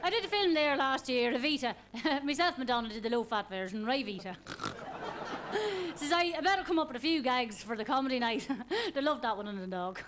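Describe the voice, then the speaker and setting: A woman's voice: sits high, expressive, moderate pace, a bit bright. A woman doing an impression of a female Irish pop singer as host of a comedy show, with an Irish accent, giggly and chatty. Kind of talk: stand-up comedy hosting in character. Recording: very noisy live stage recording.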